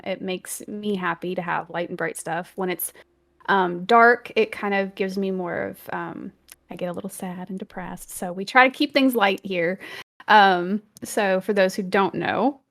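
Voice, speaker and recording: A woman with a Louisiana accent, co-hosting a gaming podcast from her bedroom stream room over a video call. She laughs often and gets louder and higher when she is passionate. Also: fairly even intonation, measured pace, creaky. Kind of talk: casual chat. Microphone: earbuds with new desk mic, video call.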